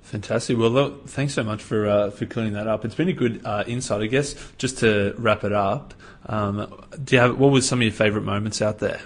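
A man's voice: on the low side, steady tone, a little fast. An Australian man hosting a casual interview, laid-back with easy fillers. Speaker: podcast interviewer.

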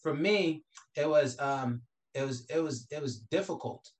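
A man's voice: on the high side, measured pace. A man from the Caribbean, a guest talking about his background in a casual interview, loose and full of "you know" fillers. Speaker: guest, entrepreneur.

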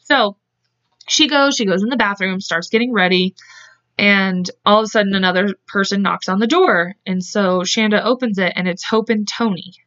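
A woman's voice: medium pitch, normal speed, fairly bright tone, muffled recording. A woman co-hosting a podcast, telling a true-crime story in a casual, chatty way and acting out the people's lines. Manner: chatty, acts out quotes with voices, laughs often. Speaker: podcast co-host.

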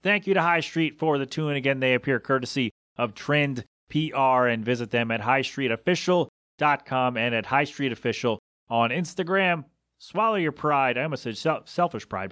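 A man's voice: mid-range voice, fairly bright tone, dry recording, clean studio sound. A man hosting a solo podcast, ranting in disbelief with rhetorical questions and coughing a bit. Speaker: podcast host.

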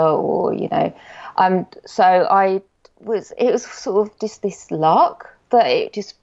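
A woman guest talking casually in an interview, telling stories with lively quoted exchanges and frequent laughs. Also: mid-range voice, takes it slowly, creaky. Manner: animated anecdotes, acts out quoted exchanges, laughs often. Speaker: guest, designer and illustrator. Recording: dull lo-fi podcast recording.

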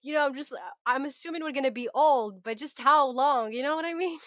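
A young woman co-hosting a casual book podcast, playful and quick to laugh. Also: high-pitched, fairly bright tone, no room sound, clean studio sound. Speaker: podcast co-host.

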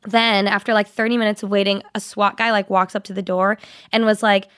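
A young woman in her twenties, a podcast co-host, telling a story in casual chat, animated and filled with "like" fillers. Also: mid-range voice, brisk, smooth, no room sound, studio quality.

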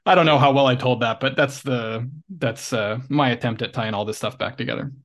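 A young man co-hosts a casual coaching podcast and spins out a long anecdote. He talks in a reflective, halting way, full of restarts, at a medium pitch. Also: a bit bright. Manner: reflective, hesitant with many restarts. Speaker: podcast co-host. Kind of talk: casual chat, storytelling.

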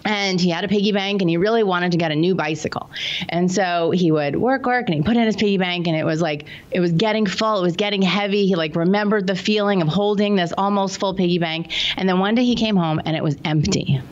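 A woman's voice: fairly low pitch, quick pace, dull audio. A woman guest on a podcast, a money coach telling client stories in an earnest, casual way. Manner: earnest, anecdotal, acts out quotes. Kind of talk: casual interview storytelling.

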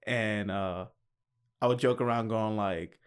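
A man's voice: lowish voice, steady tone, measured pace, clean tone. Laid-back man hosting a casual chat. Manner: laid-back, laughs easily, jokey. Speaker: podcast host.

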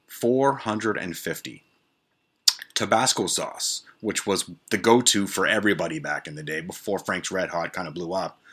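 A man's voice: on the low side, bright, forceful tone. A man hosting his own show, telling a personal story in a casual, rambling way full of swearing and side notes. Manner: profane, rambling asides. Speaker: podcast host.

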